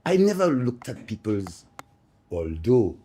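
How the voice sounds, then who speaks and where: A man, speaking up from the audience of a panel discussion, impassioned and halting, repeating words as he goes. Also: mid-range voice, big pitch swings, warm tone, breathy edge. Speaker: live audience member.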